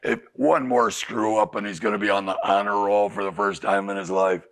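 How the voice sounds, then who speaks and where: In a recovery house group room, a middle-aged man counsels clients on addiction, speaking candidly and often asking rhetorical questions. His voice is fairly low and fairly bright, with fairly even intonation at a normal speed.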